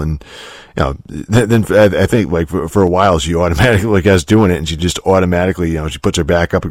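A man with a very low voice, recorded dry and close with no room sound. He talks loosely through a game review, swearing often and circling back to restart his sentences between chuckles. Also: fast, a little mellow, no room sound. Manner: profane, rambling, many fillers and restarts, chuckles often. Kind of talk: casual rambling game review.

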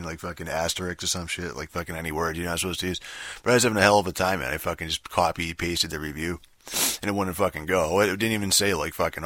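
Young guy rambling about games, swears constantly, deep but bright voice, dry sound. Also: no room sound. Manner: profane, rambling, heavy filler words. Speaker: gaming vlogger. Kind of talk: casual rambling monologue.

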